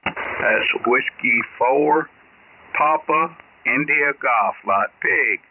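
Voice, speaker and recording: A man's voice: mid-range voice, drawn-out words, background noise. An older retired man from Alabama, calling in over ham radio in a folksy, plain-spoken way. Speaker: caller. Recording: tinny radio transmission.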